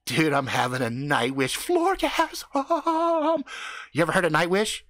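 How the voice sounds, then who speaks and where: A man voicing an excitable male camp buddy who lets out high ecstatic yelps. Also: brisk, creaky, no room sound, studio quality, full character voice.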